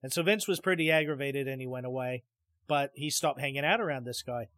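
Speaking straight to his listeners, a podcast host tells a loose, rambling story full of restarts. His mid-range voice is fairly quick and fairly bright, recorded at studio quality with no room sound.

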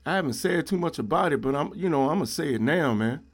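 Brief: middle-aged man with a slightly high voice, blunt and preachy solo podcast rant. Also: lively intonation, quick pace. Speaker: podcast host. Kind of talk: ranting solo podcast monologue.

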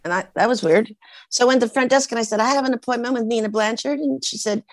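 Her voice fairly high and her pace quick, a woman over sixty from the United States shares stories as a guest actress in an interview. She's animated, performing the voices of those she quotes, and the audio is low quality though free of echo.

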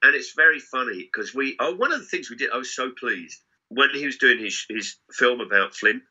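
A man's voice: mid-range voice, a little fast, husky. A middle-aged man, telling comic anecdotes as a guest and swearing freely. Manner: animated, swearing storyteller. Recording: dull lo-fi sound.

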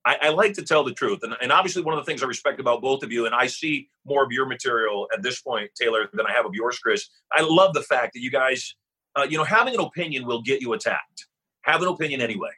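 A man's voice: mid-range voice, sharp tone, breathy edge. A man speaking as a podcast guest, telling stories and giving motivational advice with emphatic, punchy repetition. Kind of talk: motivational storytelling.

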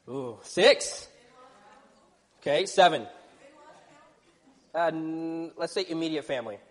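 A young man from Texas, serving as youth pastor, preaching a lively, joking sermon in a church. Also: a little high. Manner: energetic, joking, playful asides. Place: church sanctuary. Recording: reverberant church hall.

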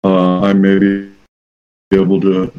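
A man joining a show as a guest over a video call, speaking haltingly while his connection keeps cutting out. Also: deep voice, monotone, clear, resonant tone, phone-quality sound. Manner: halting, distracted by connection trouble.

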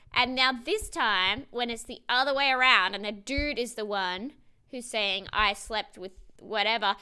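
Animated woman recapping a show. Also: a little high, clean tone. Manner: animated, swearing, laughing often, acting out quotes. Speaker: podcast co-host. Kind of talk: casual recap chat.

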